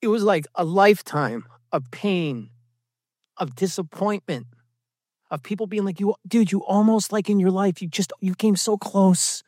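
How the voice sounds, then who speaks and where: A man sharing his recovery testimony at a meeting, telling it as an animated story with self-mocking asides and quick impressions of other people. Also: high-pitched, no room sound, clean studio sound. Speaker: recovery program speaker. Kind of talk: personal testimony talk.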